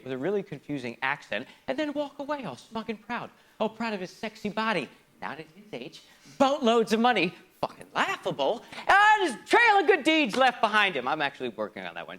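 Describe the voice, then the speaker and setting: A man delivering a theatrical monologue at a live venue. His pitch leaps all over the place as he swings between near-whispered confessions and loud, dramatic bursts. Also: huge pitch swings, fairly quick. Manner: dramatic, swinging from hushed asides to loud outbursts. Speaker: solo stage performer. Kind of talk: theatrical spoken-word monologue.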